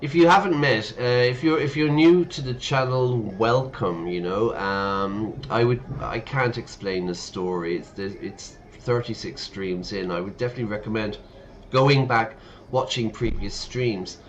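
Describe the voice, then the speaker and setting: A man's voice: medium pitch, measured pace, few pauses, lo-fi sound, a little hiss or hum. Chatty man explaining English slang. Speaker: English teacher streaming a game. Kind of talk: casual explanation while playing.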